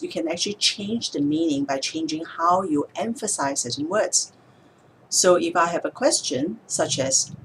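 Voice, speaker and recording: Calm, measured woman speech therapist. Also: lowish voice, slight background noise. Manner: calm, measured, demonstrates words slowly with stress. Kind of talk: instructional explanation to camera.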